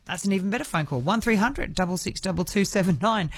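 A woman's voice: mid-range voice, animated, quick pace. A woman hosting a radio show in casual, chatty talk, often restarting her sentences. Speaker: radio host. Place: radio studio.

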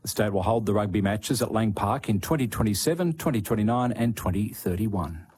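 A man reading radio news bulletins in a measured scripted way. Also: on the low side, animated, darkish tone, husky. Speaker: news presenter.

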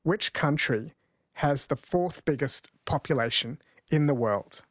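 A man runs a live radio show, chatting easily as he reads out texts and the weather. His voice sits a bit high. The studio sound is close and dry. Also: unhurried, breathy edge, no echo. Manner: chatty, reading listener texts aloud. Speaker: radio host. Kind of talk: live radio talk and quiz hosting.

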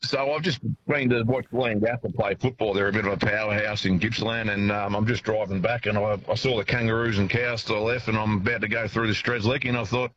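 A man with an Australian accent phoning in to a radio show while driving, halting and repeating his words between fillers. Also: fairly low pitch, steady tone, fairly bright tone. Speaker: caller. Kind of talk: phone-in chat from a car. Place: driving in a car. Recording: dull phone line with faint noise.

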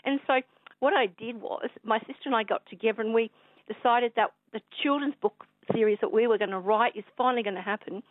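An Australian woman calling a radio show, telling a rambling, excitable story full of fillers. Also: a little high, brisk, no echo. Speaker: caller. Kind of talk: rambling phone call to radio. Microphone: telephone. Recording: tinny phone line.

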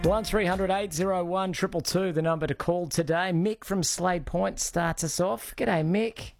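A man's voice: high voice, fairly even intonation, normal speed, gravelly, faint music behind. An Australian man hosting a talk radio show, conversational and friendly with callers. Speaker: radio host.

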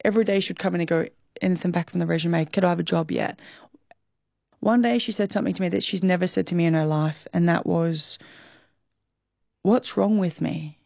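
This interview guest, an Australian woman in her thirties, opens up with emotion and candor, quick to break into laughter. She has a lowish, gravelly, slightly mellow voice, and the studio recording is clean and dry.

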